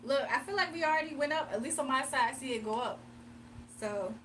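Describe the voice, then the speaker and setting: A high-pitched woman hosts a laid-back livestream, chatting to viewers and breaking into frequent laughs. She sits a little back from the mic, and a faint hum runs underneath. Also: fairly quick, a bit bright, far from the mic. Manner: chatty, laughs often, talks straight to chat. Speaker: livestream host. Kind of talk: casual livestream chat with viewers.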